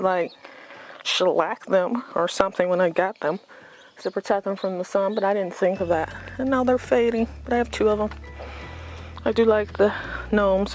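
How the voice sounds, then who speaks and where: Filmed outdoors on a phone, a woman with a mid-range voice gives an unscripted, casual tour of her front yard garden. She's chatty and rambling, tossing in self-deprecating asides.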